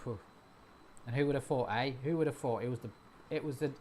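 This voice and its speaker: Excitable man chatting live. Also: medium pitch, fairly quick, pauses often. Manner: excitable, cheers on his trades out loud. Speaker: live-stream host and trader. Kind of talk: casual chat.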